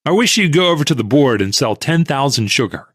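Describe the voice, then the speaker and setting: A man voicing a calm, shrewd old male stock operator in an audiobook, speaking mildly and unhurriedly. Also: mid-range voice, brisk, slightly rough, no room sound, studio quality. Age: older.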